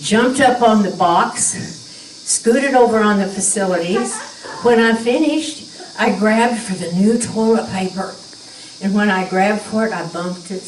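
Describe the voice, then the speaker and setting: An older woman telling a humorous childhood story in a folksy, animated way at a church gathering. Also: medium pitch, unhurried, slight background noise. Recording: roomy, distant mic.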